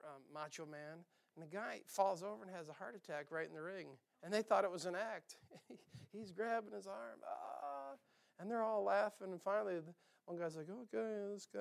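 A pastor preaching with a high, clear voice. He swings between loud emphasis and quieter asides, voicing imagined listeners as he goes. This is a sermon to a congregation.

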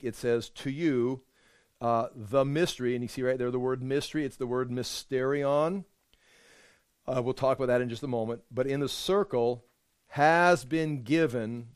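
A man's voice: medium pitch, clean tone, no echo, clean studio sound. A man teaching a verse-by-verse bible study, explaining as he goes and often repeating words while he thinks aloud.

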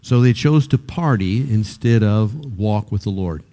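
Older preacher with a mellow voice. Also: male voice, measured pace. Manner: conversational preaching that rises to emphatic high-pitched peaks; repeats words when starting sentences. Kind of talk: sermon.

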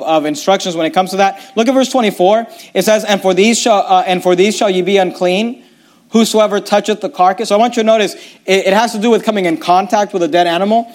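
Guy with a high voice preaching through bible verses, reads them out, stumbles and restarts a lot. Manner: reads scripture aloud, restarts and stumbles often. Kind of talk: bible teaching sermon.

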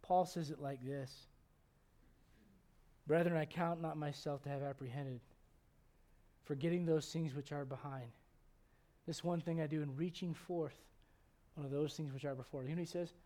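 Guy preaching a sermon, kinda high voice, goes from quiet to shouting, lots of quick questions at the crowd. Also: steady tone. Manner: swings from hushed to loud and shouting; rapid-fire rhetorical questions. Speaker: pastor.

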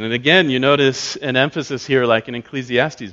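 A man's voice: mid-range voice, steady tone, fairly bright tone. Guy teaching a bible class, lots of ums and restarts, muffled lo-fi sound. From United States. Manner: thoughtful, halting, many filler words and restarts. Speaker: pastor teaching a church class. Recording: dull lo-fi recording.

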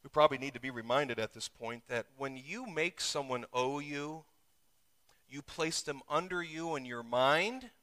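Bright-voiced man preaching with rising intensity. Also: a little slow. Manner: preaching with sudden surges in pitch and volume. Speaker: pastor. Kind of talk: sermon. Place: church.

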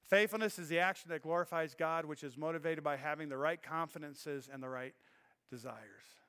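Earnest pastor preaching in a reverberant church. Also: male voice, a little high, fairly quick, pushed and bright, smooth. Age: middle-aged. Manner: earnest, emotional storytelling with restarts. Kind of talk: sermon. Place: church sanctuary.

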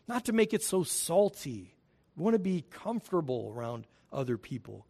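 A male pastor delivering a sermon in a somewhat high voice. He preaches with emphasis, putting questions to his listeners and moving between loud, pressing lines and quieter ones. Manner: emphatic preaching with wide swings in volume; rhetorical questions to the congregation.

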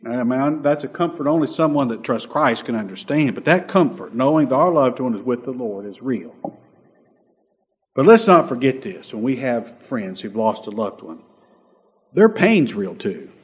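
A man preaching a sermon as a pastor, swinging between loud emphatic lines and soft, quiet asides. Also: mid-range voice, expressive, moderate pace, breathy edge, in a large hall.

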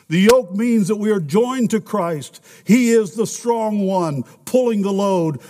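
Male pastor with a high voice, heartfelt and pleading sermon delivery, reverberant sanctuary sound. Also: a little mellow. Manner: emotional, rising to urgent preaching. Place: church sanctuary. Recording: long reverb in a large sanctuary.

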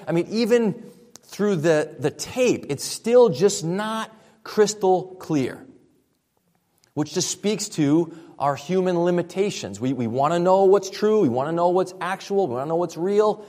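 A man's voice: sits high, a little mellow. A man preaching a sermon as pastor, speaking in a conversational way with frequent restarts. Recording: reverberant hall.

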